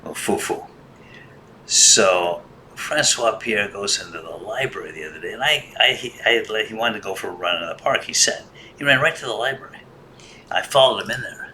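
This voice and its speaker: A man's voice: lowish voice, animated, moderate pace, bright, forceful tone, slight background noise. A man hosting a casual monologue, rambling and wry, grumbling in a joking way. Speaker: host.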